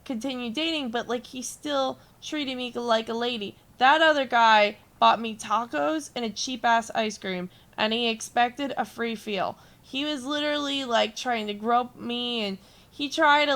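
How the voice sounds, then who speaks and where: A woman's voice: a little high, a bit bright. A young woman chatting casually while gaming, telling a rambling story, swearing freely and answering viewers. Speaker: gaming streamer.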